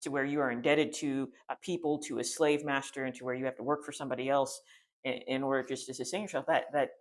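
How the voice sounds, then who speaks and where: A spiritual teacher gives a casual, rambling talk retelling a scripture story, full of restarts and fillers. He talks fast in a mid-range voice with fairly even intonation.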